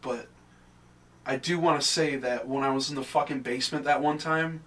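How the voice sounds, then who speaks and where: Bright-voiced young man telling spooky stories. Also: mid-range voice, normal speed. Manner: animated ghost-story telling, heavy swearing. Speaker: podcast co-host. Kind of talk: casual chat. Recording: distant mic with faint background noise.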